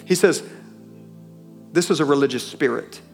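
A man's voice: medium pitch, moderate pace, creaky, faint music behind. A man preaching a sermon in a church, emphatic, calling out to the congregation and breaking into folksy asides.

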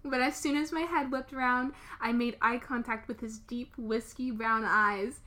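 A young woman reads fan fiction aloud in a playful, giggling way. Her voice is high and very bright. She sounds casual and amused. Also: fairly even intonation, normal speed. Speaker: vlogger.

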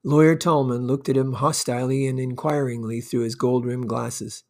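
A man narrating a classic short story as an audiobook, with calm, measured reading. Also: mid-range voice. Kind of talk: scripted narration.

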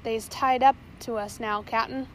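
A woman reading the lines of a rough, eager male pirate sidekick in a storybook. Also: a little high, steady tone, normal speed, a little hiss or hum, natural voice. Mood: reporting.

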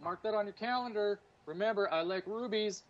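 A man in his forties rambles through profane, jokey stories in casual podcast chat. His voice sits a little high for a man. The recording is dull and lo-fi, like call audio. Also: brisk. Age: 40s. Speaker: stand-up comedian and guest.

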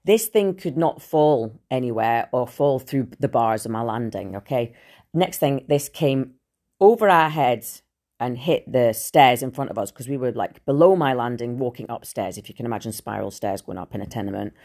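A woman's voice: extremely low pitch, lively intonation, normal speed, a little mellow. A woman telling a personal story on her podcast, casual, blunt and full of swearing and fillers. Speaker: podcast host.

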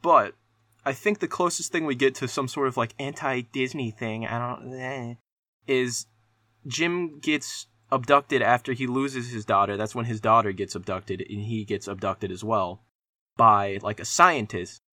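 A young man talks through a movie review on his podcast, rambling and swearing, with lots of "like" and restarts. His voice is bright and forward. The sound is dry and close, with no room around it. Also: mid-range voice, unhurried, dry recording. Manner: rambling, profane, lots of fillers. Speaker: podcast host. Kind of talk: casual solo movie review.

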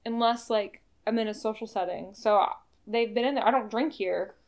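A chatty young woman co-hosting a casual podcast, her voice sitting a little high. She tells stories in a loose, filler-heavy way and gets animated as she goes. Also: normal speed. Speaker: podcast co-host. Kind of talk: casual chat.

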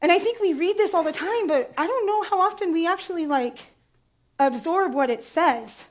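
A woman's voice: very high voice, expressive, normal speed. A woman in her thirties preaching a sermon, candid and playful, telling a personal story with emotion.

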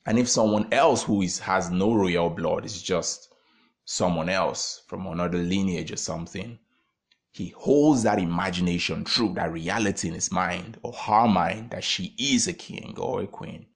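A man telling a parable as a motivational talk, animated, with frequent fillers and laughs. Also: low-pitched, measured pace, vocal fry. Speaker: storyteller.

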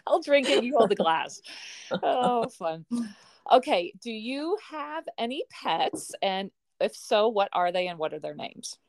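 A woman's voice: fairly high pitch, measured pace, no echo. A woman hosting a podcast, asking a friend questions in casual chat and laughing often. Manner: giggly, animated interviewer. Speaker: podcast host.

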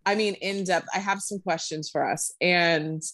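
A woman's voice: lowish voice, steady tone, moderate pace, fairly bright tone, dry recording. A young woman co-hosting a podcast, chatting casually and loosely with lots of "like" and "you know". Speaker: podcast co-host. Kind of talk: casual chat.

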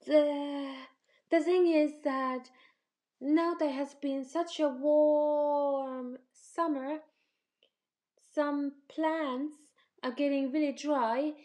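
A woman's voice: high voice, steady tone, drawn-out words, mellow, pitched above the performer's own voice. A woman voicing a small, worried talking bumblebee that stammers and repeats words.

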